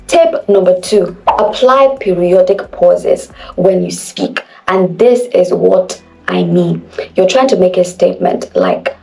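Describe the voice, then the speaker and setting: Gravelly-edged Nigerian woman teaching diction. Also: on the low side, big pitch swings, dark tone, soft background music. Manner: deliberate, emphatic, demonstrative. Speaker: diction instructor. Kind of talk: instructional video lesson.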